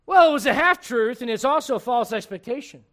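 A man preaching a sermon in church, humorous and animated, dropping to quiet asides and rising to shouts. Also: extremely high pitch, brisk. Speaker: pastor.

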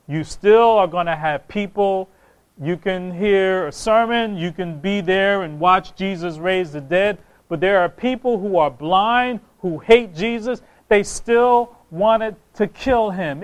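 A man's voice: high voice, a little slow, smooth, rough recording. A man preaching a sermon, impassioned, reading scripture aloud and repeating phrases for emphasis.

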